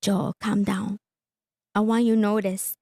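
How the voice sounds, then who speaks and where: A woman hosting a live reaction stream, chatty and quick to laugh, who keeps checking in with "okay?" as she comments. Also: mid-range voice, level tone, a little mellow, slightly rough, no echo, clean studio sound.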